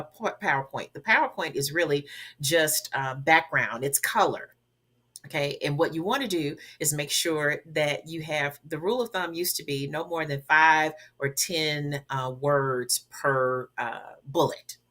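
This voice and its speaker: A woman's voice: low voice, bright, forceful tone. A woman who grew up in the American South, a guest coach giving emphatic, instructive public speaking advice on a talk show, with only a faint Southern accent left. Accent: Southern US, softened. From Southern United States. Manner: emphatic, instructive, repeats key words.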